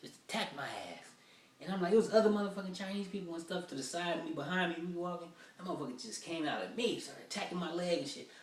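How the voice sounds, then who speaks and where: A man's voice: fairly high pitch, expressive, fast. Dude comic rambling his jokes, cussing a lot, kinda far from the mic, echoey room. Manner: profane, rambling, casual. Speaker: stand-up comedian. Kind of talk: stand-up storytelling, rough draft. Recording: roomy sound from a distant mic.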